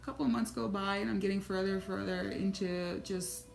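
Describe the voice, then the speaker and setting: A woman vlogger telling a spiritual story in casual, profane talk, moving between hushed and excited. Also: medium pitch, a little fast, gravelly, roomy sound, a little hiss or hum.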